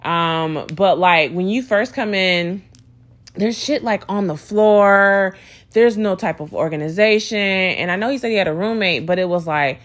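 A woman's voice: mid-range voice, a little slow. A young woman telling a dating story as a casual storytime rant, swearing freely and sounding exasperated, with lots of "like" and "you know".

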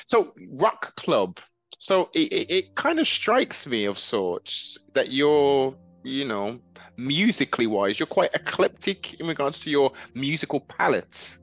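A man hosting a casual interview, speaking haltingly with repeated words and somewhat formal phrasing. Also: medium pitch, sing-song. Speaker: podcast host.

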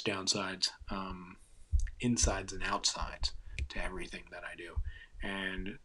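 A man's voice: low voice, level tone, a little slow, bright, forceful tone, slightly rough, rough recording. A man hosting a casual solo podcast, rambling and self-mocking, swearing often into a cheap desk mic. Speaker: podcast host.

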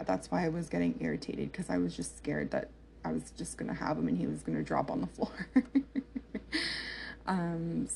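A woman's voice: low voice, vocal fry, a little mellow, a little hiss or hum. A young woman telling a personal story to her viewers in a chatty, candid way, with lots of fillers and laughter. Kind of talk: casual storytelling to camera.

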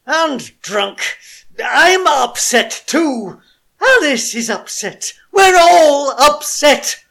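A woman's voice: high voice, very animated, extremely slow, vocal fry, fairly bright tone, full character voice. A woman voicing a weary, wounded man. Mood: placating. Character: exasperated adulterous man, wounded and pleading. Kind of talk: amateur audio drama.

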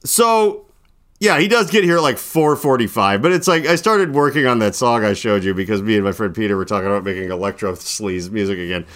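A man's voice: on the low side, expressive, a little fast, fairly bright tone. A young adult man hosting a casual podcast, rambling through a long story, full of "like" and acting out both sides of his phone calls. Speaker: podcast host. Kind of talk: casual late-night storytelling chat.

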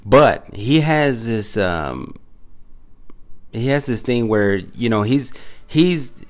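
A man's voice: mid-range voice, animated, slow pace. A man hosting a casual podcast chat, laid-back and sprinkling his talk with "man" and "dude".

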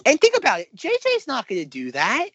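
A man co-hosting a casual podcast, talking in long excited run-on predictions with many restarts. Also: very high-pitched, a little fast, husky, no echo, muffled recording. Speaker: podcast co-host.

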